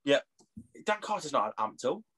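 A man's voice: medium pitch, sing-song, normal speed, a bit bright. A young English man co-hosting a casual sports podcast, joking and laughing often. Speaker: podcast co-host. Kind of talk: casual chat.

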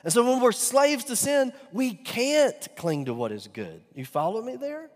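A male pastor delivers a sermon in a high, animated voice that rises to loud emphatic peaks and drops to near-whispers. He often turns rhetorical questions on his congregation. The sound carries a long reverb, as from a large hall. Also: measured pace. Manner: preaching with big swings from loud emphatic peaks to soft, near-whispered lines.

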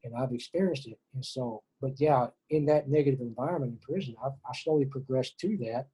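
Earnest middle-aged man, mellow and clear. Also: mid-range voice, fairly quick, low-quality recording. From Texas. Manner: earnest, repeats words and restarts often. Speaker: interview guest, former prisoner. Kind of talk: emotional spiritual monologue.

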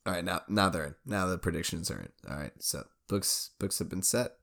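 A man's voice: low-pitched, a little fast, creaky, fairly bright tone. A man co-hosting a podcast in casual chat, laughing often and hyping up what comes next. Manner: laughs often, hypes up segments. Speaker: podcast co-host.

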